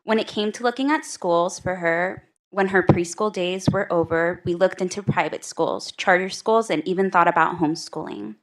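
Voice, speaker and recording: A woman's voice: on the low side, normal speed, hardly any pauses. A mother giving an emotional prepared public comment at a school board meeting, close to tears.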